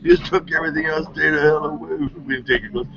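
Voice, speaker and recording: Man, rambling and profane, dull lo-fi recording, loud music underneath. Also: fairly high pitch, steady tone, fast talker, vocal fry. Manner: jumpy, profane storytelling. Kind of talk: rambling monologue.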